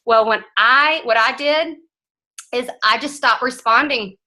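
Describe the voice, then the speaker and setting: Woman in her thirties, frank and direct, bright and a bit high, team-meeting speaker. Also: a little slow, low-quality recording. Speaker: guest speaker. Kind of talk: motivational team talk.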